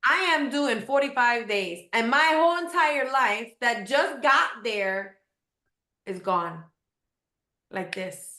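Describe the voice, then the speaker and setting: A woman's voice: fairly high pitch, expressive, slow pace, bright, forceful tone, reverberant. A woman guest in an interview, telling a personal story earnestly and emphatically, often repeating words for weight.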